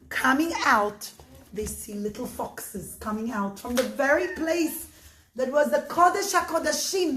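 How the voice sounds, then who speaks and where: A woman with a high voice narrates a children's story using expressive, dramatic pacing. Her room produces a noticeable echo, and a faint hiss runs underneath.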